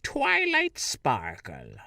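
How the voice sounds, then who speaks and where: A man's voice: mid-range voice, wildly swooping pitch, drawn-out words, vocal fry, pushed and bright, no room sound, pitched above the performer's own voice, full character voice. A man voicing a stern, regal female princess pony in a haughty, imperious way, heard a little distant from the mic.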